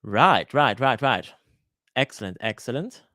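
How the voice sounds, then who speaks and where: A man hosting a live Q&A for his cooking channel, chatting casually and greeting viewers by name, often pausing with "uh" and restarting his sentences. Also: medium pitch, expressive, bright, forceful tone, dry recording, studio quality. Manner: hesitant, with frequent "uh" fillers and restarts. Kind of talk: live-stream Q&A chat. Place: lives in Switzerland.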